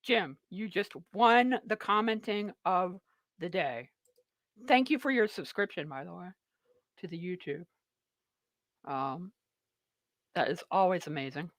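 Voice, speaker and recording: A woman's voice: fairly low pitch, animated, unhurried, pauses often, no echo. A woman hosting a live political talk show, rambling and mocking in a sarcastic tone. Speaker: show host.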